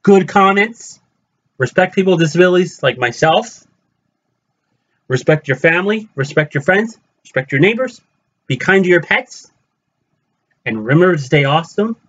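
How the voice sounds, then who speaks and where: A man's voice: high-pitched, animated, moderate pace, pauses often, fairly bright tone, highs cut off. A man vlogging about his collection, gushing and repeating himself as he speaks straight to his fellow fans. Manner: gushing, repetitive, addresses viewers as fellow fans. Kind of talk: excited unboxing vlog.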